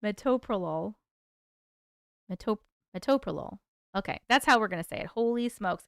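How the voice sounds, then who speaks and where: A woman's voice: mid-range voice, expressive, moderate pace, creaky, no room sound, clean studio sound. A woman hosting a casual livestream, chatting with viewers, laughing often and stumbling over hard words. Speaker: livestream host reading viewer stories.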